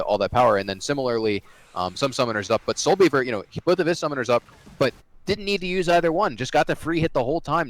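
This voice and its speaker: A man giving analytical color commentary on an esports match, with many fillers and restarts. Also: medium pitch.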